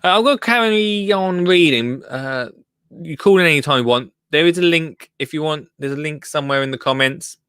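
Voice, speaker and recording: A man's voice: a little high, normal speed, fairly bright tone, clean tone, no room sound. A man hosting a live gardening show, chatting in a rambling way and reading out listener comments. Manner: rambling and chatty, breaks off mid-sentence. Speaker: gardening podcast host.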